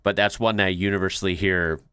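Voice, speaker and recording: A man's voice: low voice, level tone, fast talker, a bit bright, smooth, dry recording, studio quality. An American man hosting a reaction video, chatting in a laid-back way and laughing often. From United States. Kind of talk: casual reaction commentary.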